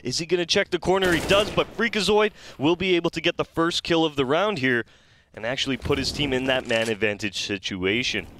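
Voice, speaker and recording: Guy calling esports play by play, steady and explaining, slight noise. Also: fairly high pitch, fairly quick. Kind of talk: live esports commentary.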